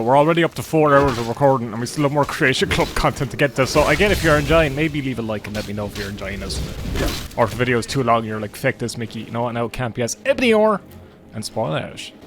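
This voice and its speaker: A man's voice: mid-range voice, fast talker. A young man giving casual, jokey gameplay commentary and swearing freely. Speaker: gaming YouTuber. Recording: faint game music behind.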